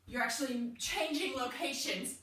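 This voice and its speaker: A woman's voice: high voice, normal speed, pushed and bright. A young woman coaching an at-home workout, upbeat and encouraging, out of breath as she exercises. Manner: upbeat, encouraging, chatty between moves. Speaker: fitness coach. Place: room at home, indoors. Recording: echoey room, far from the mic.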